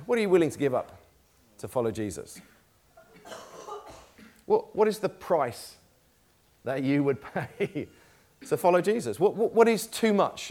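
A man's voice: fairly high pitch, sing-song, measured pace, long pauses, darkish tone. Casual male preacher reading scripture. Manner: conversational, self-deprecating, laughs lightly. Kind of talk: sermon with Bible reading. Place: church.

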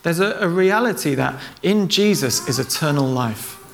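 A man's voice: fairly high pitch, lively intonation, normal speed, creaky. A man preaching a sermon, retelling stories in a conversational way and acting out the quoted lines.

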